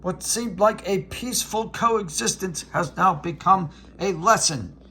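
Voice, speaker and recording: A man voicing a veteran male sportscaster doing bombastic, drawn-out ringside play-by-play over a mock bout. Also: sits high, pushed and bright, slight background noise, voice pushed up, full character voice. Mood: grandiose.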